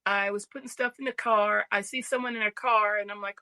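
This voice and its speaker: A woman co-hosting a relaxed podcast conversation, telling stories with lots of energy. Her voice is bright and forceful, and she slips into the voices of the people she's quoting. The sound is dry and close, with no room around it. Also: a little high, fast, hardly any pauses, no echo. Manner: animated, acts out quoted voices, laughs easily. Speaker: podcast co-host. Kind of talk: casual chat, storytelling.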